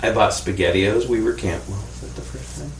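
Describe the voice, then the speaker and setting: Brief: deep-voiced male co-host, wisecracking banter, echoey room, noisy far-off mic. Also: lively intonation, fairly quick. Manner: joking, interjecting wisecracks. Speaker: podcast co-host. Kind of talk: casual banter. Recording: echoey room, mic at a distance, clear background noise.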